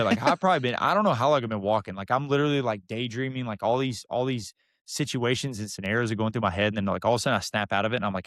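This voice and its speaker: Fast-talking young man. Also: fairly low pitch, dry recording, studio quality. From Texas. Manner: animated, mimics the people in his stories. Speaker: podcast guest. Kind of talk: casual storytelling.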